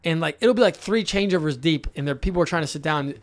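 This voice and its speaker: A young American man co-hosting a tennis podcast, telling stories in a lively, joking way. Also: on the high side, fast. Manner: excitable storyteller, laughs often. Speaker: podcast co-host. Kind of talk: casual sports chat.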